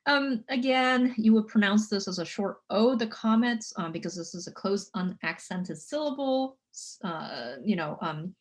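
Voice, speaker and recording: A woman lecturing on biblical Hebrew in a chatty way, full of fillers and frequent "okay?" checks, slowing down to sound out words. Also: medium pitch. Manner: spells out Hebrew words slowly.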